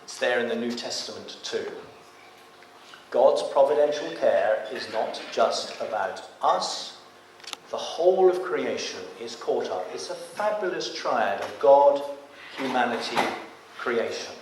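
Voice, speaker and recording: A man's voice: medium pitch, expressive, unhurried, slight background noise. A man preaching a sermon in a church. He reads scripture aloud with rising force. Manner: rises to loud emphatic reading of scripture. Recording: echoey church from a distance.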